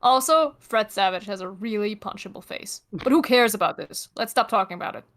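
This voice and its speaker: A woman reading a webcomic's chat lines aloud as a cocky teenage boy, flat and sardonic. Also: mid-range voice, fairly quick.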